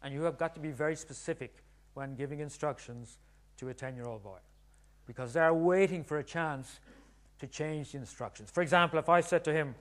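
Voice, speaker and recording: Middle-aged guy author telling funny stories, kinda high voice, chatty. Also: brisk. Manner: chatty, joking, acts out voices. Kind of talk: humorous storytelling talk.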